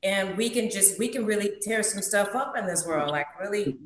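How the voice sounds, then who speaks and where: Woman host, earnest and preachy, average pitch, roomy echoey sound. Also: animated, moderate pace. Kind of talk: casual spiritual conversation. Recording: echoey room.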